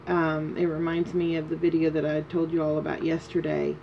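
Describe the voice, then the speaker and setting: Woman, vlogger, casual video diary, rambling with fillers, low pitch, dull lo-fi recording. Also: completely flat delivery, gravelly. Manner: slow, rambling, many fillers. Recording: dull lo-fi with faint noise.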